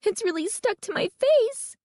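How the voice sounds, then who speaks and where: Woman playing a frightened young girl, shrill and pleading, pitched way up, storybook reading. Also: lively intonation, a little slow, darkish tone, no echo, clean studio sound. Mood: shrieking. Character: panicky young girl stuck in a mask.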